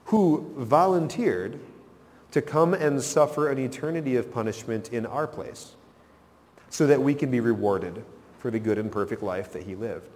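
Male pastor preaching, emphatic rises and quiet drops, long church reverb. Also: medium pitch, lively intonation, moderate pace. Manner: emphatic, rising and dropping for effect. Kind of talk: sermon.

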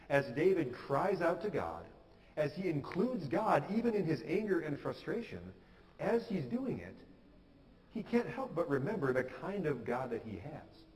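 A man's voice: on the high side, darkish tone, in a large hall, rough recording. A pastor giving an earnest, conversational sermon, sometimes acting out the prayers he quotes. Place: church sanctuary.

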